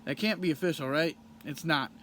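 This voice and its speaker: A young man with a slightly higher voice recaps a match in casual podcast chatter. He rambles, stops and restarts often. A faint background hiss sits under the recording. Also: fairly quick, a bit bright. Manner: rambling, frequent ums and restarts. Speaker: podcast host reviewing a wrestling match. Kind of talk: casual play-by-play recap and review.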